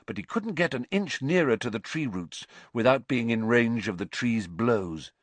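A man reading a story aloud in scripted narration, dramatic and expressive. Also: mid-range voice, normal speed, no room sound. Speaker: audiobook narrator.

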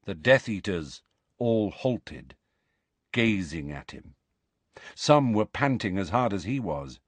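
A male narrator reads an audiobook with dramatic, expressive storytelling, his pitch rising and falling in lively swings. He keeps an unhurried, measured pace, and the recording sounds dry and close. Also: dry recording.

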